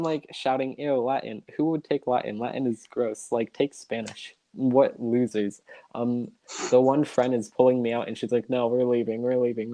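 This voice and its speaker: A teenage boy telling a school story in a casual podcast chat, animated and laughing as he goes. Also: mid-range voice, no room sound. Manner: animated storyteller, laughs through his stories. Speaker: podcast co-host.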